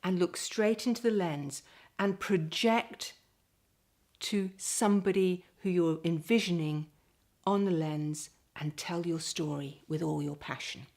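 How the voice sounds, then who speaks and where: A middle-aged woman, a speaker coach, giving presentation tips straight to the camera and demonstrating calm and lively voice patterns. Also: fairly low pitch, unhurried. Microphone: camera mic, standing.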